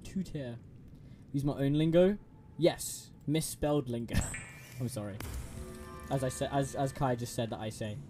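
A man's voice: medium pitch, measured pace, long pauses, music in the background. A young man streaming a game, chatting to a friend, giggling and stumbling over restarts. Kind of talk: casual gameplay chat with a friend.

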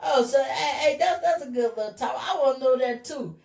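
A woman with a Philadelphia accent hosting a live call-in talk show, loud and hyped, shouting to her callers. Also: sits high, fairly quick, gravelly, echoey room. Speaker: radio talk show host.

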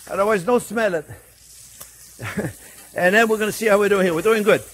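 A man with a fairly high voice runs a cooking demonstration from his kitchen. He chats and jokes as he goes and keeps calling the viewers his friends, with a pan sizzling faintly behind him. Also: a little hiss or hum. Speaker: cooking show host, chef.

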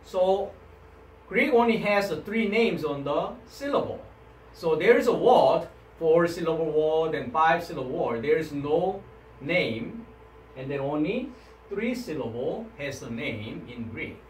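A man's voice: a little high, animated, a little slow. A man with a Korean accent teaching a Greek language class in non-native English, checking with students by asking "right?". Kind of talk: classroom lecture. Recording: echoey room, mic at a distance, faint background noise.

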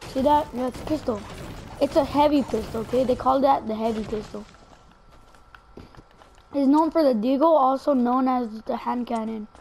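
A high-pitched woman narrates her gameplay live. She is chatty and excitable, reacts loudly to finds and threats, and keeps talking straight to her viewers. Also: moderate pace, pauses often, a little hiss or hum. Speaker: gameplay commentator.

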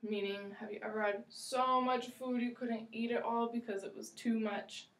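A woman teaching English, slow and encouraging, repeating phrases for a learner. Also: on the high side, steady tone, distant mic. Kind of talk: ESL role-play lesson. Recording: echoey room, voice from afar.

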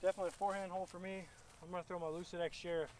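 A young man, chatting excitably to viewers as he narrates his own disc golf round outdoors. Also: high-pitched, very fast, slight background noise. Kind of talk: casual play-by-play self-commentary.

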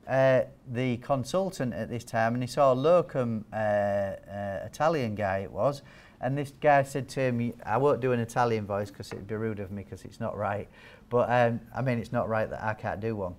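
In a training hall full of nurses, a wound care trainer with a mid-range, darkish male voice delivers his talk. He's conversational and playful, tossing questions at the audience.

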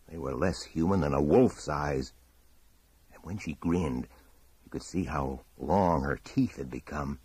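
A man reading a horror audiobook in a measured, dramatic storytelling manner. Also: a bass voice, darkish tone, breathy edge, no echo. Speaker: audiobook narrator. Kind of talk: scripted horror narration.

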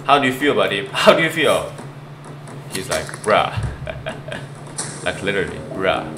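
A man giving excited gameplay commentary as a gaming YouTuber, pleading and shouting at the game and laughing often. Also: on the low side, a little slow, noisy background. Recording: echoey room with game music.

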